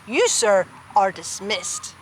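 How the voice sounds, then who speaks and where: A woman's voice: mid-range voice, sing-song, slow, slight background noise. A woman voicing a furious, pompous male store manager in a storybook reading, clipped and indignant.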